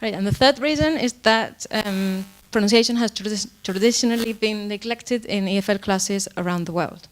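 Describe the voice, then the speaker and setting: A woman lecturer presents to an audience in a clear, smooth voice. She explains at an even pitch, often pausing on fillers and correcting herself mid-sentence. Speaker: university lecturer. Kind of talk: academic presentation.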